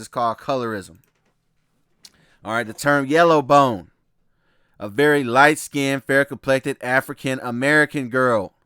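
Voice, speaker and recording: A man's voice: mid-range voice, sharp tone, clear, resonant tone, no echo, clean studio sound. A man giving a casual lecture from slides, loose and repetitive, often laughing and checking in with his listeners. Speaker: presenter walking through slides.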